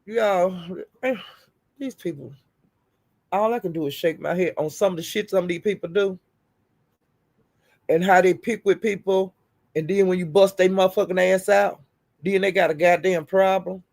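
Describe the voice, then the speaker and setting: A woman's voice: fairly low pitch, normal speed, gravelly, long pauses, darkish tone. A woman hosting her own livestream, telling stories in a profane, laughing, casual rant. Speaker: livestream host.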